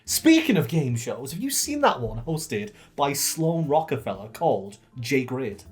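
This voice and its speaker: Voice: medium pitch, sing-song, unhurried, faint music behind. A co-host joking and bantering casually while reading out patron names. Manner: playful, giggly.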